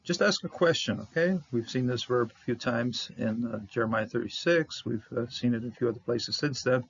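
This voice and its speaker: A man's voice: medium pitch, vocal fry. Guy going through hebrew verses word by word, lots of uhs, muffled lo-fi recording with a little hiss. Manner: halting, many fillers and restarts, repeats words for stress. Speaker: Bible Hebrew teacher. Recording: dull lo-fi audio with faint noise.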